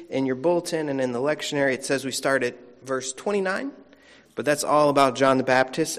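Folksy pastor preaching in a reverberant sanctuary. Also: male voice, a little high. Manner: folksy and conversational, with playful asides. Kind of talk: sermon. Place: church sanctuary. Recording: long reverb of a church sanctuary.

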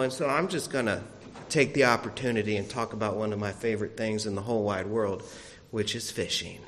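A man's voice: medium pitch, fairly bright tone, in a large hall. A man preaching a sermon as a pastor, folksy and storytelling with self-deprecating humor, in a church sanctuary.

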